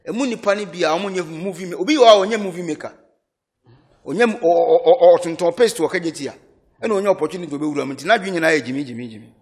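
A man with a Ghanaian accent being interviewed, talking in an animated way and often laughing. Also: a little high, racing. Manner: animated, switches between Twi and English, laughs often. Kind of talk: casual interview.

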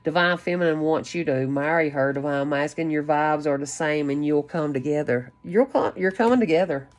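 A woman giving an excitable, rambling channeled spiritual reading, full of gasps, exclamations and casual swearing. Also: low-pitched, fairly quick. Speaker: spiritual card reader. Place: her home, lives in West Virginia.

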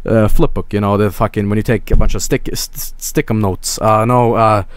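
A man's voice: lowish voice, fairly even intonation, brisk, smooth, no echo. A man streaming, chatting casually to his viewers in a rambling, crude, swear-filled way.

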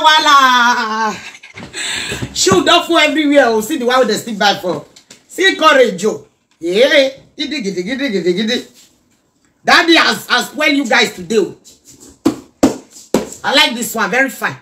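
A middle-aged Nigerian woman chatting casually in a reaction vlog, animated and scolding by turns. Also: fairly high pitch. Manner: animated, mixes pidgin and Yoruba, scolding asides. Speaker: social media commentator.

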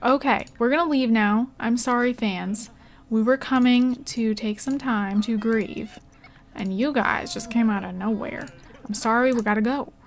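A young woman hosts casual let's play commentary in a slightly high voice. She reacts with quick exclamations and talks straight to the characters on her screen, urging and comforting them as she plays. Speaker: gaming channel host.

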